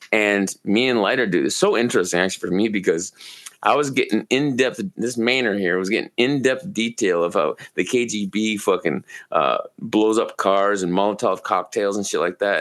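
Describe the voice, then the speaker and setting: Low-voiced, profane man telling rambling stories. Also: fairly bright tone. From Maine. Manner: profane, rambling, laid-back storyteller. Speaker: podcast co-host. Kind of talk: casual storytelling chat.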